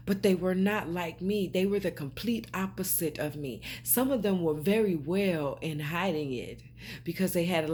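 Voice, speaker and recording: On the low side and a little mellow, this woman's voice comes with slight background noise. A spiritual vlogger talking to camera, she is emphatic and preachy, repeats herself, and uses babe and honey for her viewers.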